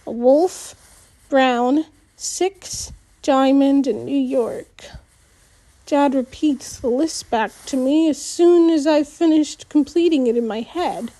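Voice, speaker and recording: Slow, mellow woman reading a novel. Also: sits high. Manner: unhurried, measured, first-person storytelling. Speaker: audiobook narrator. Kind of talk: audiobook reading.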